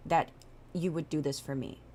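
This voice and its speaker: A woman's voice: sits low, fairly even intonation, normal speed, warm tone. A woman voicing a coy, sweet-talking woman from a movie skit. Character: woman making an odd request, sweet and coy.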